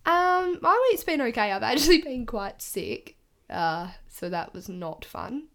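A woman's voice: on the high side, big pitch swings, a little slow, fairly bright tone. A woman co-hosting a podcast, chatting casually and laughing often. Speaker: podcast co-host. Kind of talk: casual chat.

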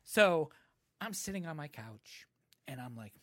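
A man in his thirties casually telling a profane, laid-back story to friends, getting animated when he quotes others. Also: on the high side, a little slow, no echo, clean studio sound.

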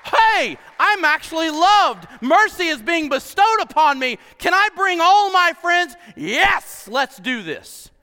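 A man voicing an excited male tax collector who feels welcomed, in a sermon. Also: very high voice, slow pace, hardly any pauses, in a large hall, pitched above the performer's own voice, heavily acted. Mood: overjoyed.

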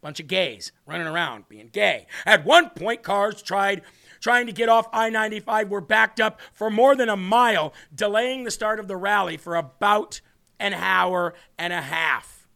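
A man's voice: sits high, moderate pace, creaky, pushed and bright. A man hosting a live political commentary stream, combative and scornful, talking to his co-host.

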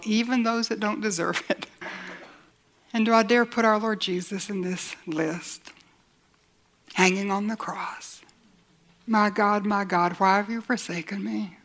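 A woman's voice: mid-range voice, a bit bright. A woman preaching a sermon in an earnest way, building with repeated lines and sometimes dropping almost to a whisper. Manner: earnest, drops to near-whispers for emphasis; builds with repetition and rising lines.

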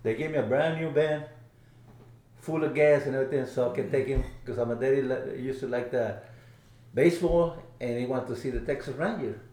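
Halting man, Spanish his first language. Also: mid-range voice, a little mellow, reverberant. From Mexico. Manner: halting, many fillers and restarts. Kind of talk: casual storytelling.

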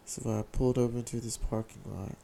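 A young man candidly telling a personal story in casual slang, often halting and repeating his words. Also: mid-range voice, steady tone, vocal fry, warm tone. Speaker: vlogger sharing a personal story.

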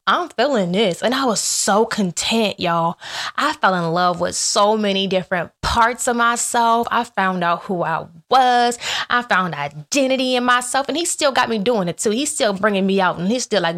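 In a chatty, casual faith vlog, a woman speaks to her viewers with playful asides, animatedly acting out stories in which she voices both herself and God's responses. Her pitch is an ordinary middle range, at normal speed.

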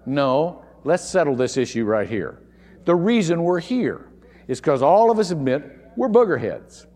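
A male pastor delivers a sermon in a high, highly animated voice, hammering home key words by repeating them. His voice rings out with the long reverb of a church hall. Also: unhurried. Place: church sanctuary.

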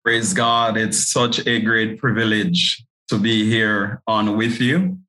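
Earnest Jamaican pastor on a podcast. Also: male voice, lowish voice, fairly even intonation, slow pace, sharp tone, rough recording. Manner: earnest, repeats words when starting a thought. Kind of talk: podcast interview guest, preaching.

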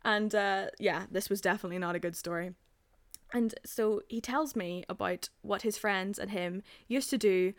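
Young woman, podcast co-host, lively storyteller, dry close sound. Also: vocal fry, no echo. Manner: animated storyteller, acts out quotes in high voices, laughs often. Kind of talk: casual storytelling chat.

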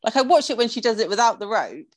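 A woman's voice: fairly high pitch, lively intonation, quick pace. A woman co-hosts a podcast with giggly, self-deprecating chatter. Her voice swoops up and down a lot as she talks. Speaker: podcast co-host. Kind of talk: casual chat.

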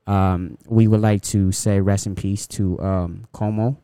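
A man's voice: low-pitched, flat delivery, measured pace, mellow, smooth, no echo, studio quality. A young man co-hosting a casual podcast, talking in a rambling, profane way with many restarts. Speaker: podcast co-host.

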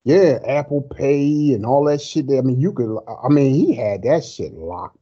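A man's voice: mid-range voice, expressive, measured pace, mellow. A man co-hosting a podcast, talking in a laid-back, slangy way. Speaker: podcast co-host. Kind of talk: casual podcast chat. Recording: dull lo-fi sound.

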